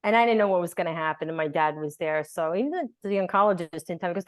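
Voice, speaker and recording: A woman speaks as a guest in an interview, somewhat low-pitched for a woman. She tells her story with energy and acts out the voices of the people in it. The sound is dry and close. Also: racing, few pauses, dry recording. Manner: animated storyteller, acts out quotes. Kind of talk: conversational interview.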